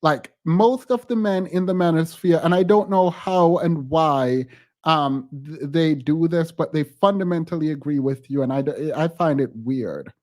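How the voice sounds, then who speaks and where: A man's voice: fairly high pitch, measured pace, a little mellow. A man hosting a reaction commentary, skeptical and exasperated, thinking aloud. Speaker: host reacting to a clip.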